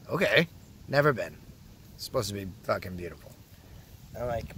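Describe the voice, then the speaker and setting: A young man from Canada rambling crudely through a casual vlog, joking a lot and often dropping to a hushed mutter, recorded outdoors in a public spot. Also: fairly low pitch, expressive, brisk, a little hiss or hum. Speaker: vlogger.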